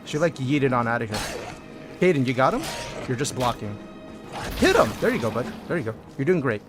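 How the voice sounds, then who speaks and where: A man's voice: mid-range voice, very animated, fairly quick, music in the background. A male streamer joking, swearing and talking to his game allies as he gives live gameplay commentary.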